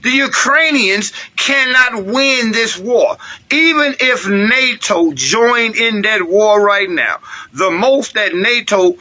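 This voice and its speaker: A man's voice: high-pitched, bright, forceful tone. An American man ranting heatedly in a livestream commentary, swearing and talking straight to his viewers. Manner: heated, profane, addresses viewers directly. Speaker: political commentator.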